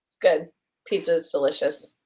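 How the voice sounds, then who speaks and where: A woman's voice: low-pitched, steady tone, moderate pace, a little mellow. A young adult woman, a voice actress guest, chatting in an interview in a bubbly, gushing way with lots of fillers and restarts. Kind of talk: casual interview chat.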